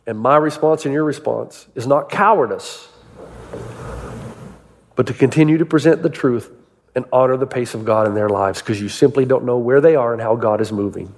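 A man preaching a sermon, telling stories and asking his listeners rhetorical questions in an animated way. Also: mid-range voice, moderate pace, long reverb tail, slight background noise. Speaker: pastor.

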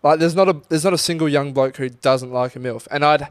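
A man's voice: fairly high pitch, a little fast, clear, resonant tone, no room sound. Chatty young man. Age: young adult. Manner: chatty, rambling, uses bloke and mate. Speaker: podcast co-host. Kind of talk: casual chat.

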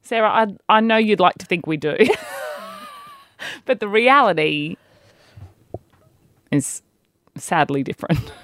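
A woman's voice: lowish voice, lively intonation, a little slow, long pauses, fairly bright tone. Teasing Australian woman co-host. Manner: teasing, laughs often. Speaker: radio co-host. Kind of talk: casual banter.

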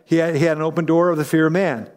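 A man's voice: fairly high pitch, steady tone, very fast, a little mellow, big-room sound. A man preaching a sermon in a conversational way, acting out the voices in the story he tells. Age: adult parent. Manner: conversational, acts out quoted voices. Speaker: pastor.

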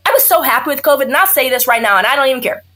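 A woman OB-GYN, a guest in an interview, talks very fast in a high-pitched voice. Candid, blunt and sarcastic, she animatedly acts out what her patients say.

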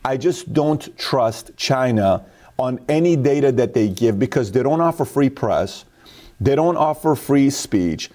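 Emphatic man with a mellow voice. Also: mid-range voice, lively intonation, a little slow. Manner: emphatic, storytelling with acted quotes. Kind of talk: opinionated casual talk.

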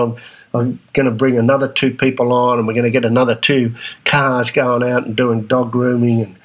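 Animated Australian man with a husky voice. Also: rough recording. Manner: animated, acts out other people's reactions in a higher voice. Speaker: podcast host. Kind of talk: casual monologue.

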